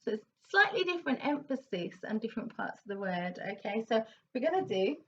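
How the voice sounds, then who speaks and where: A woman vocal coach leading a warm-up lesson, counting in and demonstrating exercises with encouraging remarks. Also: on the high side, sing-song, a little fast, lo-fi sound.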